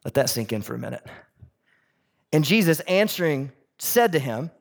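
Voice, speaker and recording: A man preaching a sermon in a conversational, animated way, asking the audience questions and swinging from loud emphasis to soft near-whispers. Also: on the high side, normal speed, creaky, long pauses. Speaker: pastor.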